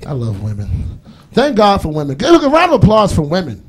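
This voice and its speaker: A man's voice: sits high, wildly swooping pitch, brisk, background noise. A man doing a loose, rambling stand-up comedy set on stage, acting out voices as he goes. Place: comedy stage before a live audience.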